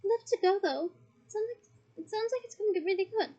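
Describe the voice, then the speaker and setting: A woman's voice: very high voice, quick pace, mellow, voice pushed up. A woman voicing a gossipy, chatty teenage schoolgirl while reading a story aloud. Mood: eager. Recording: dull lo-fi recording.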